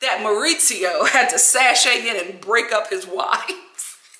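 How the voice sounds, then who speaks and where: A woman vlogger giving casual reality-TV commentary in an animated, sassy, slangy way. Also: medium pitch, slow pace, echoey room. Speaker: vlogger, TV recap host.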